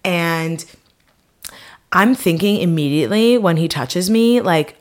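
A woman's voice: on the low side, animated, slow. Chatty woman telling a story. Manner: chatty, lots of fillers, quotes people in bursts. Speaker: vlogger. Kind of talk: casual storytelling.

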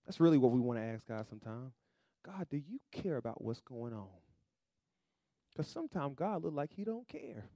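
Preaching man, hushed to shouting. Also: mid-range voice, big pitch swings, normal speed, no room sound. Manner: dramatic swings from hushed to shouting, conversational preaching. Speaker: pastor. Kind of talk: sermon.

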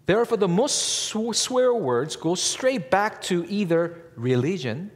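A man preaching a sermon as a pastor, speaking in a slow, measured way and lifting his voice on key words. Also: high voice, animated. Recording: long reverb from a large hall.

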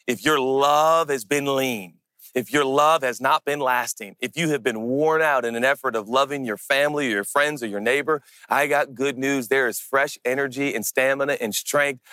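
A young adult man preaching a sermon, slowing down and stressing key words as he builds his points. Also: mid-range voice, bright, forceful tone, no echo. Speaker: pastor.

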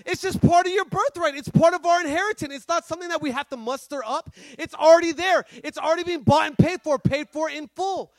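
A fervent male preacher with a notably high voice, talking in slangy bursts and shouting at the peaks. The sound is dry and close, with no room around it. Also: brisk, hardly any pauses, no room sound. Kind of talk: energetic sermon.

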